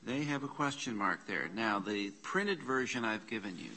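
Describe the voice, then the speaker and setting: A man's voice: lowish voice, expressive, normal speed, sharp tone. A man teaching a classroom lesson on Bible Greek in a church classroom, patiently spelling out letters and parsing words aloud.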